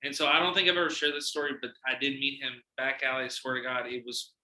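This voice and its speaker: Man, podcast host, casual storytelling, animated, profane, bright sharp voice, echoey room. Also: mid-range voice, fast. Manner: animated, profane storyteller who acts out quotes.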